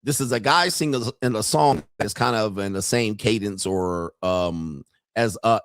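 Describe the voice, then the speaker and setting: A man hosting a live stream as a dating coach, reacting to clips in a loud, mocking way and jumping into shouted bits. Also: on the low side, unhurried, no echo, studio quality.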